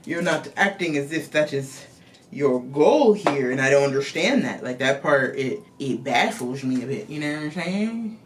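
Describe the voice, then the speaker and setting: A woman vlogger giving a casual, profane, animated movie recap to camera. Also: sits low, moderate pace, a little hiss or hum.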